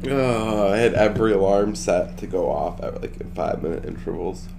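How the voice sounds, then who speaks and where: A man's voice: on the low side, moderate pace, vocal fry, darkish tone, slight background noise. A man co-hosting a casual podcast, laughing and poking fun at himself with plenty of swearing. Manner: laughing, self-mocking, profane. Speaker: podcast co-host. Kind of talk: casual banter.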